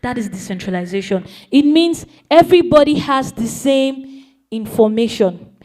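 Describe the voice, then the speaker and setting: A woman's voice: on the high side, expressive, normal speed, darkish tone. A woman explaining a topic to a young audience in a playful way, often asking them questions. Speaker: speaker teaching young people. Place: event hall.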